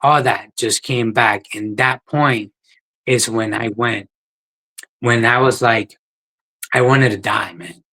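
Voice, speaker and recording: Guy on a podcast, earnest and plain-spoken, middle-pitched voice, just telling it straight. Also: fairly even intonation, slow pace, long pauses, pushed and bright, poor audio. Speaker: guest, ultra runner. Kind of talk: podcast interview, personal story.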